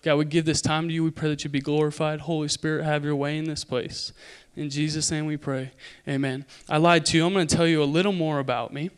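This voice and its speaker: A young man from Idaho preaching a sermon, telling a story with animated, loud impressions. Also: on the high side, quick pace, hardly any pauses, clear, resonant tone.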